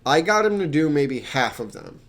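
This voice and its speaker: A man's voice: a little high, sing-song, moderate pace. A young man casually telling rambling stories about his job as a peer mentor, with many restarts and fillers, swearing here and there. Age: young adult.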